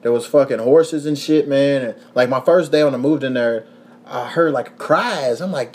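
A young man from Kentucky hosts a casual podcast at an ordinary, mid-range pitch. He tells stories in a loose, profane, animated way, laughing as he goes. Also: normal speed. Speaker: podcast host.

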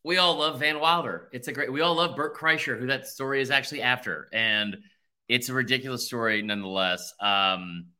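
Bright-voiced man in his thirties, rambling. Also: medium pitch, fairly quick. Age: 30s. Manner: rambling, animated, self-interrupting with fillers. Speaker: podcast host. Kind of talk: casual sports podcast chat.

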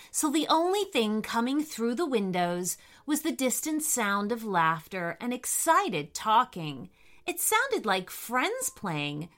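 A woman reading a bedtime story aloud in a gentle, expressive way. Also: medium pitch.

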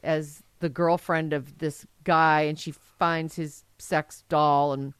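A woman's voice: low-pitched, little pitch movement, slow pace, clear, resonant tone, dry recording. Chatty, enthusiastic woman podcast host. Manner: enthusiastic, rambling, laughs often. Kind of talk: casual crude comedic chat.

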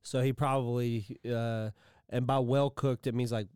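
A man's voice: medium pitch, little pitch movement, a little slow, a little mellow, clear, resonant tone, dry recording, studio quality. A man co-hosting a podcast in casual chat, rambling, restarting his sentences and swearing casually. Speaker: podcast co-host.

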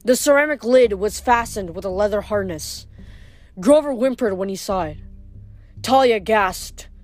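A woman reading a novel aloud, briskly and expressively. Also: medium pitch, animated, faint music behind. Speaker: reader.

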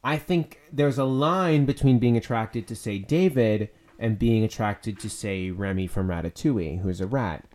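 A man co-hosting a podcast in casual chat, playful and quick with asides. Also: on the low side, darkish tone. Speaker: podcast co-host.

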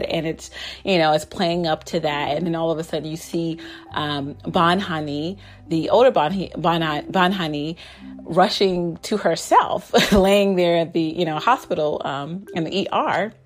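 Chatty woman recapping a drama, slightly low voice. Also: measured pace, faint music behind. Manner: chatty, many fillers and restarts, laughs often. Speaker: drama reviewer.

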